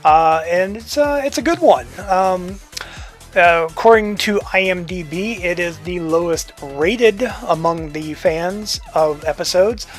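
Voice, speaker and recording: Guy hosting a podcast, laid back, lots of ums, faint music behind. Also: sits high. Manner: relaxed, with many filler pauses. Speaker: podcast host. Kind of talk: podcast introduction and moderating.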